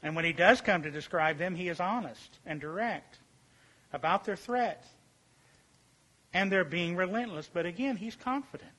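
High, bright-voiced preacher man. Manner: emphatic, repeats key phrases, slows and drops to a hush for emphasis. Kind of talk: sermon.

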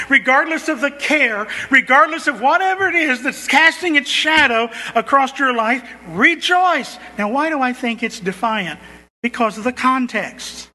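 A man's voice: very high voice, sharp tone, long reverb tail. A man preaching a sermon, emphatic and stressing points by repetition. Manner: emphatic, repeats phrases for stress.

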